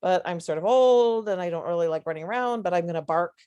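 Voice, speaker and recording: An old, tired female dog speaks her thoughts in a chatty, easygoing way, half wanting to join in the play, voiced by a woman. The voice sits a little lower than most women's. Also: fast, warm tone, clear, resonant tone, lo-fi sound, lightly acted. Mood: wistful.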